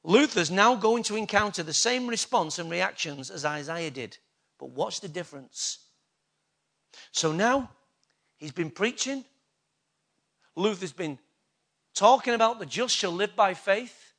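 A man's voice: high voice, expressive, unhurried, vocal fry, pauses often, a bit bright. A man preaching a sermon, emphatic and full of rhetorical questions to the congregation.

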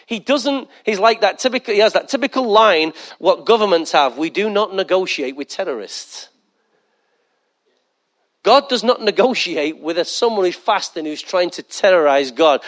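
A man preaching a sermon as pastor, animated, asking the congregation questions and acting out little asides. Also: high voice, normal speed.

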